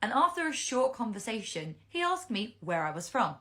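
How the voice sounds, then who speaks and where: A woman's voice: a little high, very animated, normal speed, pushed and bright. A woman from Wales tells an anecdote in a bemused, matter-of-fact way. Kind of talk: casual storytelling on social media.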